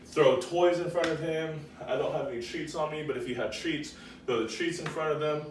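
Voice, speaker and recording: Relaxed man explaining dog training, roomy. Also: on the high side, brisk, far from the mic, a little hiss or hum. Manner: gives firm short commands, then chatty explanation with many ums. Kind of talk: casual training demonstration.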